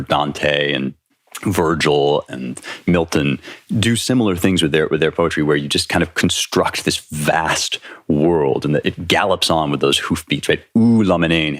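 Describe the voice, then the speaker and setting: Very deep-voiced man lecturing eagerly. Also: no room sound. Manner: eager, tag questions like "right?"; loose, restarts phrases. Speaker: podcast host. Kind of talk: lecture-style explanation.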